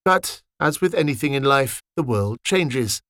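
A man reading a fantasy story aloud in an expressive, wry manner. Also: mid-range voice, measured pace, no room sound, clean studio sound.

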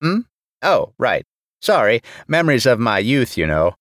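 A man's voice: medium pitch, sing-song, measured pace, fairly bright tone, dry recording. A man voicing a distractible older male rear admiral who rambles off topic, in a dry recording. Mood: rambling.

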